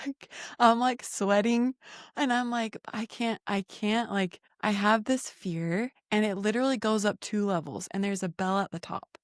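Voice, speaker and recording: A woman co-hosting a podcast, telling a personal story in a casual, animated way and acting out the voices in it. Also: mid-range voice, no room sound, clean studio sound. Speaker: podcast co-host.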